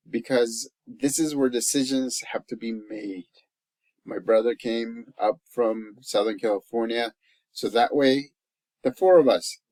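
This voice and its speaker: A man from El Salvador speaking as a life coach in a personal, reflective vlog. He talks earnestly and haltingly, often restarting his sentences, and his voice sinks soft when he turns emotional. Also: medium pitch, no room sound, low-quality recording. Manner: openly emotional, voice dropping soft at times.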